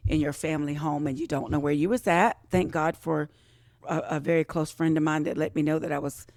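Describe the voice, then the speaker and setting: A woman's voice: low voice, fairly even intonation, fairly quick, a little mellow, dry recording, studio quality. A woman guest on a podcast, telling a personal story with feeling, repeating phrases and acting out what others said. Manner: emotional, repeats phrases, acts out quoted voices.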